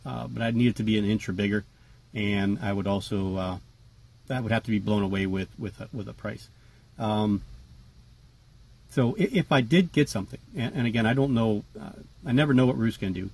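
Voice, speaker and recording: A man talking casually to camera about his tarantulas, relaxed and chatty with lots of fillers. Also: fairly low pitch, breathy edge. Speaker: tarantula keeper vlogger. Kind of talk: casual rambling vlog.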